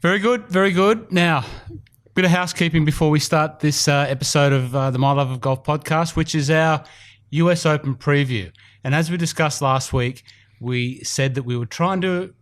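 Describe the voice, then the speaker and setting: A man hosting a casual podcast in an indoor golf studio, chatty and rambling with fillers. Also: a little high. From Australia. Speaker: podcast host.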